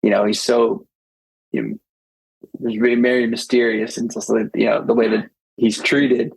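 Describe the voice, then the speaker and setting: Gravelly, husky man chatting excitedly. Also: mid-range voice, moderate pace, poor audio. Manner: enthusiastic, rambling, with many restarts. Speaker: podcast co-host. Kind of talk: casual chat.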